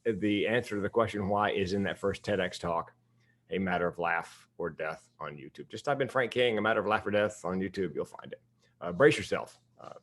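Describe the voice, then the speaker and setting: A man's voice: deep voice, fairly bright tone. An older man giving a humorous keynote speech, telling stories candidly with self-deprecating humor. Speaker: keynote speaker.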